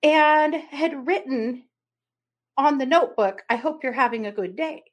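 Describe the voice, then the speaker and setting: A woman's voice: sits high, measured pace. A woman co-hosting a podcast, telling a family story in casual chat and often laughing and acting out what people said. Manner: animated storyteller, laughs often, acts out quotes. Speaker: podcast co-host.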